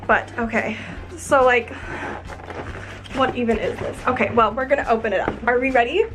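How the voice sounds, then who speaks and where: Bubbly high-voiced young woman gushing. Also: moderate pace, music in the background. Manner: bubbly and gushing, lots of "oh my gosh". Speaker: YouTube vlogger. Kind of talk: excited unboxing vlog.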